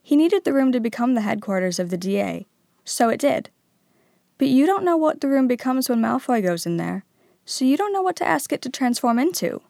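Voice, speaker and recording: A woman's voice: high-pitched, sing-song, fairly quick, creaky, dark tone, no echo, clean studio sound, voice pushed up, heavily acted. A woman voicing a clever, earnest teenage girl witch who explains carefully. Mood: explaining.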